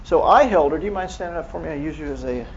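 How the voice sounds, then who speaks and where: A man's voice: fairly high pitch, animated, racing, lo-fi sound, a little hiss or hum. A man giving a conversational medical lecture as a neurohospitalist, quizzing the audience with frequent restarts.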